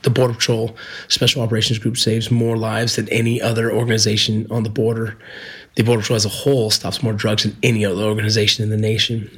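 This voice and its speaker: Husky earnest man telling his story. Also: on the low side, monotone, quick pace, a bit bright. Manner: earnest, heartfelt, with restarts. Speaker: former Border Patrol agent and medic. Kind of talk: personal storytelling.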